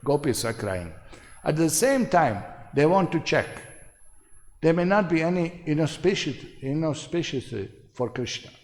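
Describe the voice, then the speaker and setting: A man's voice: on the high side, animated, a little slow. A man giving a devotional seminar lecture, speaking emphatically, repeating phrases and often asking "no?". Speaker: spiritual seminar teacher. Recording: reverberant hall.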